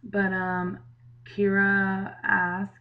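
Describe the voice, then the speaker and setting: A woman's voice: medium pitch, completely flat delivery, very slow, phone-quality sound. A tired young woman in casual vlog chat, rambling and chatty with lots of fillers. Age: young adult. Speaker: channel regular.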